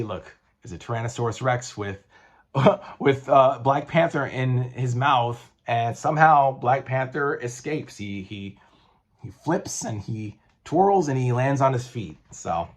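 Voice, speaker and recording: Husky, rambling comic book reviewer man. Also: mid-range voice. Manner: rambling, profane, lots of fillers and restarts. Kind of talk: casual vlog review.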